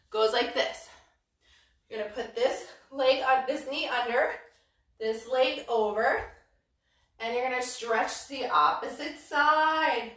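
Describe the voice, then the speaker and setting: A woman guides little ones through a story-led yoga class with a high, bright, sing-song voice that keeps breaking into cheerful exclamations. She takes her time and never hurries the children. She is recorded in an echoey room from some distance off the mic. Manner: playful, sing-song, full of wow and so great. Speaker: yoga instructor.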